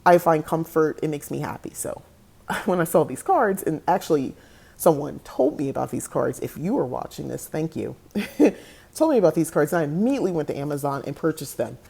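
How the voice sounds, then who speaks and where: Young woman host, low mellow voice, casual and rambling, quick to laugh. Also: animated, gravelly, slightly rough. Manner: chatty, laughs often, goes on tangents. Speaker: podcast host. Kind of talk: casual talk to camera.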